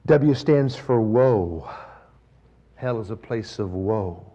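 A man preaching a sermon, swinging between raised, emphatic preaching and hushed, near-whispered lines, with slow, stressed lists. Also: fairly low pitch, lively intonation, highs cut off. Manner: slow, emphatic delivery of lists and repeated phrases. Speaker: pastor.

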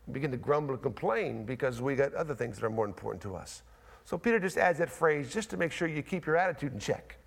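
A man preaching a sermon to a church congregation, emphatic and repetitive, moving between soft, low asides and loud, high declarations. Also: expressive, fast, vocal fry, slightly rough. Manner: emphatic preaching with repetition and rising, falling pitch. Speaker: pastor. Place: church sanctuary.

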